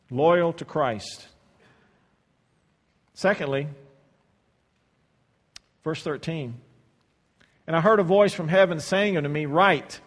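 A man preaching a sermon in a hall with a long reverb tail. His voice sits a little high for a man. He swings between booming, drawn-out scripture reading and hushed, low-spoken asides, repeating words as he restarts.

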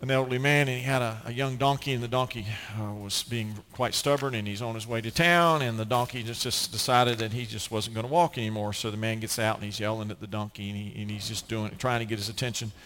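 A man's voice: fairly low pitch, steady tone, quick pace, few pauses, fairly bright tone, big-room sound. A man preaching a sermon as pastor, earnest and emphatic, often restarting his phrases.

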